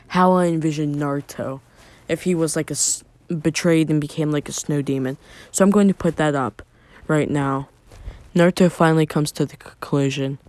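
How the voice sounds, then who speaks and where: A man's voice: on the high side, a little mellow, dry recording. A man casually narrating a made-up fan story, rambling with many filler words.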